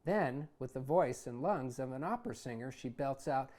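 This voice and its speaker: Man, author reading his memoir aloud, conversational, wry, animated in places. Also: mid-range voice, moderate pace. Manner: conversational, wry, animated when retelling anger. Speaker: author and host.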